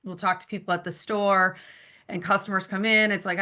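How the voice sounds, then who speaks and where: A woman with a lower pitch but a bright, forceful tone speaks with enthusiasm. She is a podcast co-host chatting casually about her company's products. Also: steady tone, a little fast. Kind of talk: casual promotional chat.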